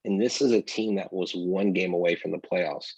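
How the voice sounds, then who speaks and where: Low gravelly podcast guy, kinda husky, upbeat chat, dry close mic. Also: normal speed, dry recording, muffled recording. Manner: energetic, talks straight to listeners. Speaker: podcast co-host. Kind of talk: casual sports podcast chat.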